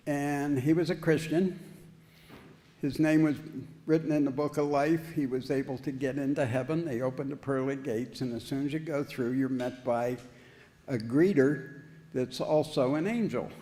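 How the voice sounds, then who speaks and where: A man's voice: medium pitch, steady tone, normal speed, dark tone. A man, a visiting pastor, giving an anniversary speech in a church and telling a folksy, humorous story like a practiced joke-teller. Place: church sanctuary. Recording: long hall reverb.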